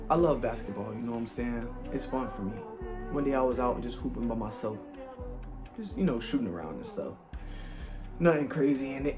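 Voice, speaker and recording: A young man telling a storytime tale about his own life in loose, slangy talk. His voice sits at an ordinary pitch and jumps up into animated bursts. Music plays clearly behind him. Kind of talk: storytime vlog.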